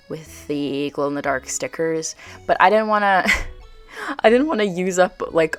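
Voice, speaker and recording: A young woman narrating a video game build in a casual, bubbly voice-over, full of "like" and quick asides. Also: deep voice. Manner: chatty, bubbly, filler-heavy with frequent "like".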